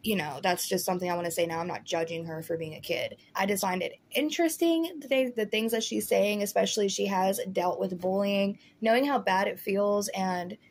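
A woman's voice: mid-range voice, brisk, hardly any pauses, husky. A woman hosting a casual commentary vlog, talking in a chatty, rambling way full of "like" and "you know". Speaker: commentary host.

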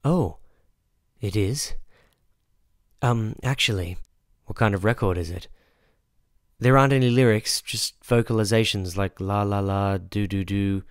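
Timid girl in a horror storybook, hesitant, soft-spoken, a man voicing her in a low, dry voice. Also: measured pace, no room sound, close to an everyday voice. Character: young girl, timid and curious.

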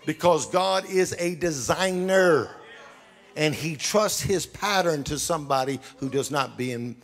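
A man preaching a sermon as pastor, emphatic and often shouting. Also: fairly high pitch. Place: church sanctuary. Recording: reverberant church hall.

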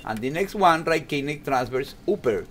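A man giving a calm, step-by-step ultrasound demonstration in an exam room, with non-native English phrasing. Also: on the high side, moderate pace, slight background noise. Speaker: ultrasound instructor.

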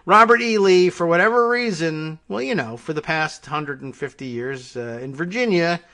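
Wry rambling American talk-show host. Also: male voice, on the high side, normal speed, bright, forceful tone. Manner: rambling, wry, full of asides and restarts. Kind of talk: casual solo commentary.

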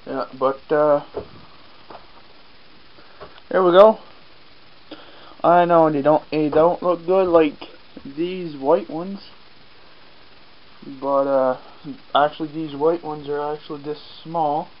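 Slow and steady, with frequent pauses, a fairly high-voiced male vlogger from Acadian New Brunswick chats in a French-accented way on a rainy farm. The camera audio is muffled as he rambles casually, pokes fun at himself, and drops casual swears.

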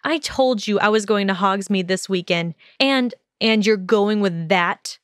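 A woman voicing a cold, arrogant teenage wizard boy, low and harsh in a sneering manner, for a fan audiobook. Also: a little slow, no room sound, studio quality, close to an everyday voice. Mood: contemptuous.

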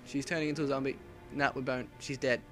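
A man's voice: medium pitch, fairly even intonation, fast talker, fairly bright tone, soft background music. A man commentating a horror game playthrough, jumpy and panicky, swearing and exclaiming often. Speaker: gameplay commentator. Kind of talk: let's play commentary.

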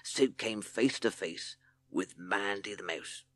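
A man voicing an aged male mole in a storybook, talking slowly in a low, secretive murmur. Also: no room sound. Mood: confiding. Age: older. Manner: slow, low, drops to a hushed mutter.

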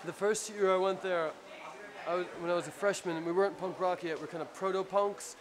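A man with a New Jersey accent telling a rambling, profane story in a casual, animated way after a show. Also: high-pitched, a little fast, a crowd in the background. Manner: profane, rambling, animated anecdote with acted-out quotes. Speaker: punk band frontman telling a story. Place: crowded club after a show. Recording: noisy live club recording.

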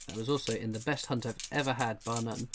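A man hosting a casual livestream, reading viewer comments aloud with dry, understated humour and frequent pauses of "uh" as he scans the chat. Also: medium pitch, steady tone, a bit bright, a little hiss or hum. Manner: frequent filler "uh" while scanning chat. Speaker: livestream host.

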